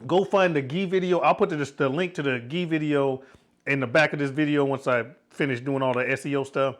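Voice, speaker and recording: A man's voice: mid-range voice, fairly even intonation, brisk. Laid-back jokey man hosting a cooking vlog. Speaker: cooking channel host. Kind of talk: casual cooking vlog chat.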